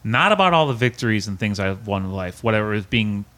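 A man's voice: lowish voice, animated, fast, bright, forceful tone. A man telling his own story as a podcast guest. He speaks earnestly and emotionally, restarting often and repeating words. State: close to tears at times. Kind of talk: personal storytelling in an interview.

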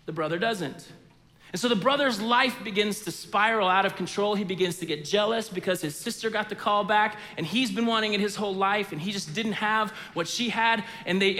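A man preaching a sermon, telling a story and then teaching, moving between loud bursts and hushed, low lines. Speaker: pastor. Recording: reverberant hall sound.

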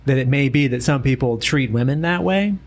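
A man co-hosting a relaxed podcast and chatting with a colleague. He tells stories with energy and slips into the voices of the people he quotes. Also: mid-range voice, brisk. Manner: animated storyteller, acts out quoted voices. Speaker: co-host. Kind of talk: casual podcast chat.

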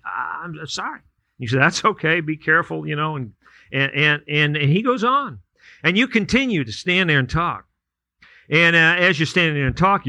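A man delivers a sermon, winding through homespun hypothetical stories and repeating himself for emphasis. His voice is very bright and sits slightly high for a man. The sound is dry and close, with no room around it. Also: no room sound. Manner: storytelling with hypotheticals, folksy and repetitive. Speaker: pastor.

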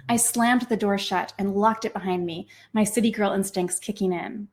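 Reading aloud from a novel she wrote, a female author and podcast host brings lively, expressive storytelling. Her mid-range voice keeps a moderate pace with few pauses.

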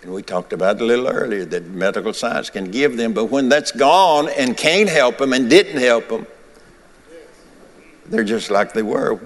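A man's voice: medium pitch, long reverb tail. A man preaching a sermon to a congregation in a church, with a rhythmic, repetitive preaching cadence. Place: church sanctuary.

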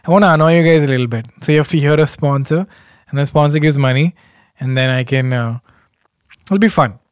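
A man's voice: a little high, no echo, studio quality. A man hosting a podcast alone, rambling casually with self-deprecating asides and frequent chuckles. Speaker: podcast host. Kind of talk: casual solo podcast chat.

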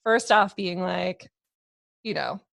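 A woman hosting a podcast, telling a story in a casual, animated way, with lots of "like" and a rising upspeak at phrase ends. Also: on the low side, slow pace, creaky, dry recording, clean studio sound. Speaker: podcast host. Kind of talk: casual chat.

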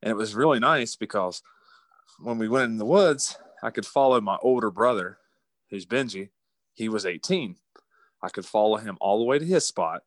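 A man's voice: on the low side, moderate pace, no room sound. Folksy man telling stories. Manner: animated, laughing, folksy storyteller. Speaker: guest. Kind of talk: casual storytelling.

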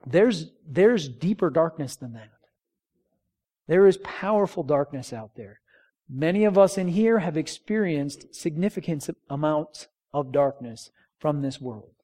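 Male pastor, slightly high voice; conversational sermon with call-and-response. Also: animated, unhurried, dark tone. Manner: conversational preaching with rhetorical questions and call-and-response.

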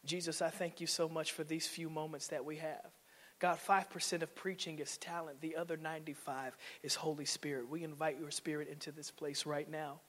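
High-voiced preacher in a big hall. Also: male voice, flat delivery, brisk. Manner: playful, rising to loud preaching. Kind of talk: sermon. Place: church sanctuary.

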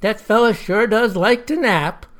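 A narrator doing a boastful old leader. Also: male voice, high voice, unhurried, a bit bright. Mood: smug. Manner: boastful, folksy. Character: smug self-important older male leader.

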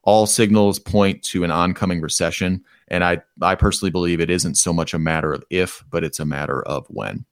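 A man's voice: low voice, brisk, hardly any pauses, no room sound, studio quality. A man from the Detroit area hosting a podcast segment, giving casual, opinionated commentary on economic news with frequent ums. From Metro Detroit, USA. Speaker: podcast host.

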